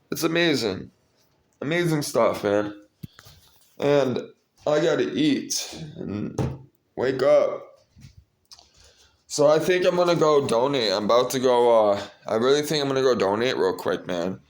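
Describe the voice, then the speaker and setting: Rambling, preachy young man vlogging. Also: fairly high pitch. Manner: rambling and preachy, repeating words while searching; gets loud and excited when retelling a story. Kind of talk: casual vlog monologue.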